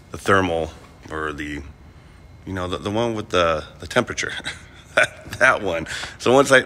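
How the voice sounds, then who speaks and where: Man, deep voice, easygoing DIY car vlogger in his garage, chatty and rambling, faint hum behind. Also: pushed and bright. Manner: rambling, plain-spoken, lots of fillers and restarts. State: coughing, clearing his throat. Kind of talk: casual talk to camera.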